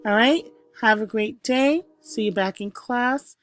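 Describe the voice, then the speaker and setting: A woman teacher recording a review lesson, calling out each term with emphasis and then explaining it slowly with the odd filler. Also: on the high side, no room sound. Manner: slow, explanatory, punches each new term.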